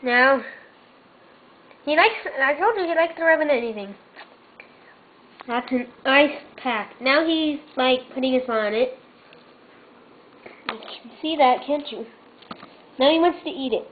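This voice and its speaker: High-voiced woman cooing at her cat. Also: animated, a little slow, long pauses. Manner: coaxing, talks to her cat in a meowing baby voice. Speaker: vlogger. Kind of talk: casual home video talking to a cat. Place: at home indoors. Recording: tinny lo-fi camera audio with faint hiss.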